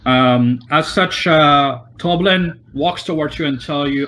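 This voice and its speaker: A man's voice: on the high side, slow pace, fairly bright tone, a little hiss or hum. A man narrating as game master of a tabletop game, with many fillers and restarts.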